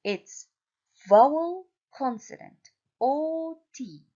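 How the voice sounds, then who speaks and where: A woman from Syria teaches an English grammar lesson at a slow, careful pace, spelling words out letter by letter. Her pitch moves a lot as she explains. The recording sounds dull and lo-fi. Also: expressive, mellow.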